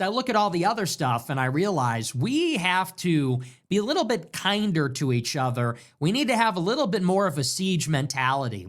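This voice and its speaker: A man hosting a show, delivering an emphatic commentary monologue full of repetition and rhetorical questions. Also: fairly high pitch. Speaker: show host.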